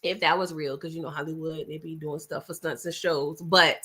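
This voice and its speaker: Bright-voiced chatty woman livestreaming. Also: deep voice, normal speed, husky. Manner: chatty, animated, uses "child" and "y'all". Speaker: livestream host. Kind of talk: casual chat with live viewers.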